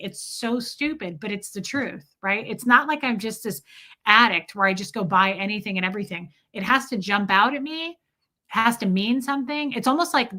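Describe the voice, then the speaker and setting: A woman's voice: a little high, sharp tone. A middle-aged woman chatting candidly on a livestream, telling stories animatedly and acting out quotes. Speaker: live streamer. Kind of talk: casual livestream chat.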